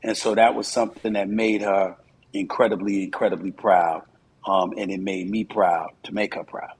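A man's voice: deep voice, fairly even intonation, normal speed, a little hiss or hum, poor audio. A man in his fifties, a commentator, giving earnest, reflective interview answers with frequent fillers.

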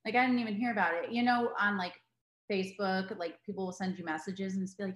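A woman's voice: mid-range voice, steady tone, brisk, a bit bright. Young comedian woman, casual storyteller, roomy echo. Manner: storytelling, slips into silly voices. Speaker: comedian guest. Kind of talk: casual podcast chat.

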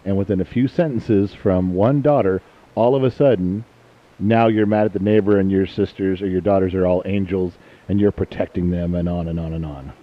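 Profane, joking middle-aged dad host. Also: male voice, low voice, fairly even intonation, brisk. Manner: blunt, profane, jokey storyteller. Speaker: podcast host and father. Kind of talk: casual family podcast chat. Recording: muffled lo-fi recording.

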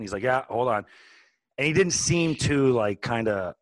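Forties male co-host, casual storyteller with frequent restarts, mid pitch, dry close-miked sound. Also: moderate pace, vocal fry, no echo. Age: 40s. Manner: animated, rambling with many restarts. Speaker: podcast co-host.

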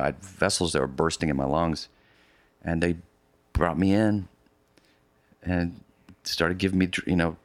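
A man with a very low voice tells a long story as an interview guest. His talk is loose and rambling, full of restarts and side remarks. The sound is close and dry, with no room echo. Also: fairly bright tone. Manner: rambling, with frequent restarts and vivid asides. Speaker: interview guest recounting a polar expedition. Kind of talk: casual storytelling in conversation.

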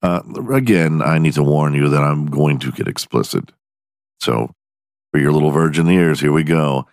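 A man's voice: rumbling low, moderate pace, dry recording, studio quality. A man hosting a podcast, giving crude comedic commentary, swearing freely and laughing often as he mocks a clip. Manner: profane, laughing often, mocking. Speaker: podcast host.

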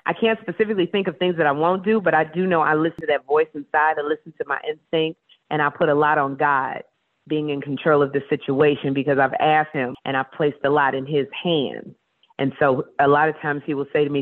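A woman guest in a casual interview, telling stories with animated energy and acting out voices. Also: low voice, brisk, no room sound. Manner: animated storyteller, acts out voices. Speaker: talk show host guest. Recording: tinny phone line.

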